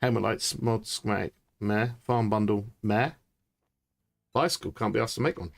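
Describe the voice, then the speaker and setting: A man, chatting excitably and thinking aloud during live gameplay commentary. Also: lowish voice, moderate pace, creaky, long pauses. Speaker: streamer.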